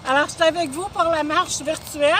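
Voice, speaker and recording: Bubbly high-voiced Quebec woman. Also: steady tone, quick pace, a bit bright. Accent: Quebec French. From Montreal. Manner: bubbly, exclamatory. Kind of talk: cheerful message while jogging outdoors.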